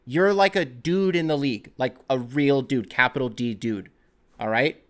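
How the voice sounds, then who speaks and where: A man voicing an exasperated male league official who scolds a player in a weary, profane, soft-spoken way. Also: medium pitch, moderate pace, natural voice.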